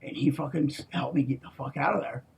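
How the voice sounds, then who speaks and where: A man in a rambling, profane monologue, swinging between loud outbursts and low mutters and tagging lines with "okay?". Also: quick pace, creaky, a little hiss or hum. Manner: profane, repeats "okay?", restarts a lot.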